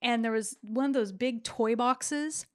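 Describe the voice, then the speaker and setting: A woman's voice: fairly high pitch, unhurried. A middle-aged woman, a therapist hosting a podcast, telling stories in a reflective, casual way with frequent restarts.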